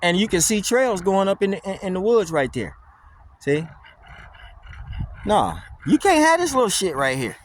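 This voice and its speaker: A man with a high voice delivers a blunt, mocking, slang-heavy rant while walking outdoors. He records on a handheld phone, and faint wind and outdoor noise sit behind his voice. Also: big pitch swings, normal speed, long pauses. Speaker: dog vlogger. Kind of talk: casual walking vlog monologue. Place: outdoors on a windy wooded walk.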